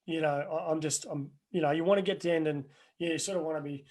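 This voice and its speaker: Man, middle-aged, slightly high voice, earnest, rambling, coaching talk. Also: steady tone, fast, darkish tone. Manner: earnest, rambling with restarts and anecdotes. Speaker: life coach. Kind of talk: webinar Q&A answers.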